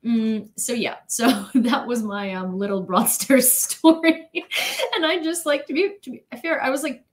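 A woman's voice: on the high side, measured pace. A young woman streamer telling a long casual story to her chat, rambling with many "like"s and restarts and laughing often.

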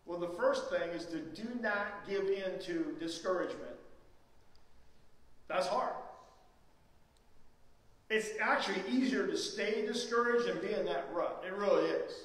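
A pastor in full sermon, his fairly high voice pushing into loud, pleading questions. He sounds set back from the mic, and a long church reverb trails each phrase around the big room. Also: measured pace, long pauses. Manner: emphatic preaching, rising to loud pleading questions. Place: church sanctuary. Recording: echoey church hall, mic far off.

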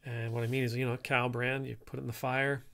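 A man's voice: medium pitch, little pitch movement, quick pace, gravelly, a bit bright. A man who is an Anglican priest, talking in a casual, rambling reflection that is full of restarts.

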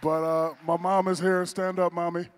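A man's voice: high voice, level tone, moderate pace. Man in his 40s, teasing storyteller, banquet acceptance speech, faint hall noise. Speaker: honoree giving acceptance speech. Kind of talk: joking speech at an awards dinner.

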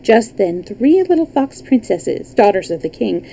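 A woman reading a children's book aloud on a livestream, lively, with small slips and restarts. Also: mid-range voice, a little slow, vocal fry, slight background noise, low-quality recording. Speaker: storyteller.

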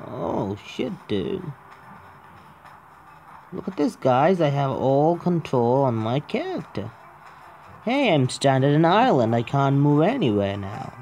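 A man's voice: medium pitch, big pitch swings, takes it slowly, vocal fry, long pauses, a little mellow, a little hiss or hum. A young man who just woke up, casually commentating a mobile game, swearing and arguing with the controls. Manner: profane, exasperated, talks to the game. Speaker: gaming YouTuber.

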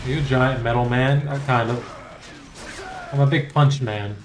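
A man's voice: mid-range voice, fairly even intonation, normal speed. A man streaming a video game, joking crudely and talking to the game and his chat in casual commentary.

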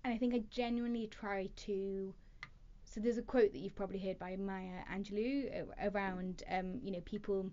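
A woman's voice: medium pitch, moderate pace, muffled recording, a little hiss or hum. A woman guest in a casual interview, telling stories with eager restarts and hesitations. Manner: lively storyteller with hesitant restarts. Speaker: podcast guest, talent development leader.

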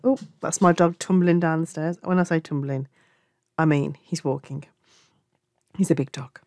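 A woman's voice: low voice, steady tone, normal speed, warm tone, no echo, studio quality. Chatty woman with a Black Country accent. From England. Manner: chatty, affectionate, self-correcting. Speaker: crochet tutor. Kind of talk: crochet tutorial.

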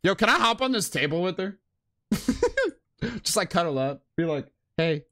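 A man's voice: sits high, expressive, moderate pace, bright, forceful tone. A man streaming a game live, giving casual, profane, slangy commentary and laughing often.

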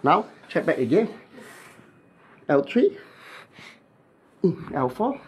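Playful Malaysian man, lively voice. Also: a little high, slow pace, husky. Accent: Malaysian English. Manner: playful, mimics cracking sounds, clipped instructions. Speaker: chiropractic therapist. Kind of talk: instructing a client during treatment.

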